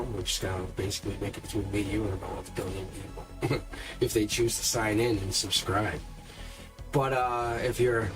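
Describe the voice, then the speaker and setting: A man hosting a live tarot reading stream, chatting casually and rambling with lots of fillers and self-deprecating asides. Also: lowish voice. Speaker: tarot reader hosting a livestream. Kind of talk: casual livestream chat. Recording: music playing clearly behind the voice.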